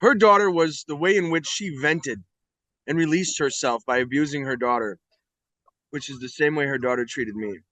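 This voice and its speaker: A middle-aged man from the United States, an interview guest telling his story candidly in a blunt, profane, animated way. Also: a little high, moderate pace, dry recording.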